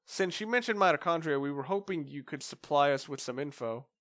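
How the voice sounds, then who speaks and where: A man's voice: on the high side, animated, a little fast, a bit bright. A man reading as a matter-of-fact cop. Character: male police detective, businesslike.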